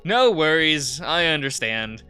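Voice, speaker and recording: A man's voice: fairly high pitch, sing-song, measured pace, sharp tone, faint music behind, voice pushed up, exaggerated voice. A man voicing a large, friendly male fox who drives a taxi in a visual novel.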